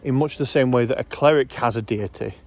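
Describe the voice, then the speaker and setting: A man's voice: mid-range voice, fairly quick. Rambling male vlogger talking outdoors. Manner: rambling, self-correcting, hesitant fillers. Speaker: YouTube host. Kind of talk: casual rambling commentary.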